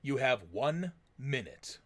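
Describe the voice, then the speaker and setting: Man voicing a gruff rude man, curt, dismissive, clipped, animated pitch. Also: slow pace, full character voice. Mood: hostile.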